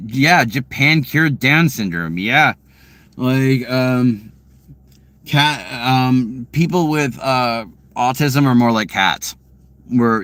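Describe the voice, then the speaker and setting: A man talks in a middle-pitched voice, telling a story off the cuff from inside his car. He rambles, swears freely, and stumbles through plenty of fillers and false starts. The sound is close and dry, with no room echo. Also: fairly bright tone, clean tone. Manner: rambling, profane, full of fillers and restarts. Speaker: vlogger. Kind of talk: casual storytelling monologue.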